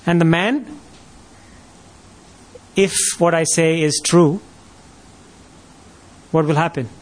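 A man's voice: fairly high pitch, slow. A man preaching a sermon, posing rhetorical questions and rising to emphatic peaks.

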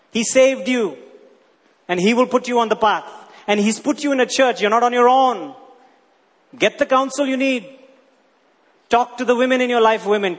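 High-voiced preaching man in a hall. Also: fairly bright tone. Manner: emphatic preaching, acts out quoted voices. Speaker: pastor. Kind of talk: sermon. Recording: long hall reverb.

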